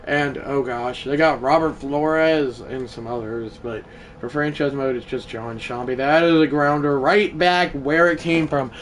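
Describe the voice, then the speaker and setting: A man streaming a baseball video game live, talking to his chat between pitches and breaking into mock play-by-play calls. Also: a little slow, slight background noise. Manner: mock play-by-play announcing, excitable; chatty asides to viewers.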